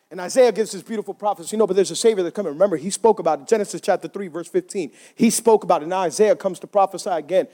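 A man serving as pastor preaches a sermon in a church, his delivery impassioned and warm in tone. His voice climbs high when he voices cries to God.

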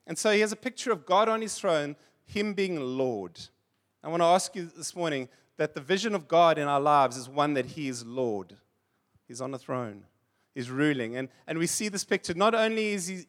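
High-voiced man preaching. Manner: conversational preaching, tells funny anecdotes and laughs. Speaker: pastor. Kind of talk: sermon.

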